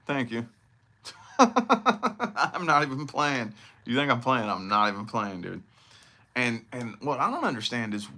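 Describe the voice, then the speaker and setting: A man's voice: mid-range voice, sharp tone. A man from southern Indiana with a slight country twang, giving a rambling, profane casual monologue on his vlog. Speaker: vlogger.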